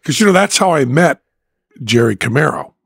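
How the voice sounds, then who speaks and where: A male podcast host with a gravelly, husky voice tells a story in casual chat, his pitch swinging in an animated way. The recording is dry and close. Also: normal speed, dry recording. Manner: animated anecdote teller, often laughing.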